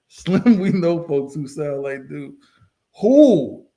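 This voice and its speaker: A man's voice: a little high, lively intonation, extremely slow, mellow. A man hosting a reaction video, talking bluntly and casually with plenty of profanity. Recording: roomy echo.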